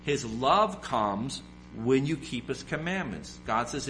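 A man's voice: medium pitch, lively intonation, slow pace, background noise. A man preaching a sermon, emphatic and repetitive, firing off rhetorical questions.

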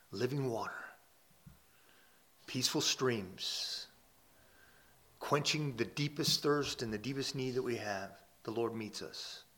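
A man preaching a sermon in a relaxed, conversational way, his voice sitting at an ordinary middle pitch. He stumbles and restarts often, checks in with his listeners, grows loud on key points and falls nearly hushed on the peaceful lines. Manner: swells louder on key points, drops soft and quiet on peaceful lines. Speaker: pastor.

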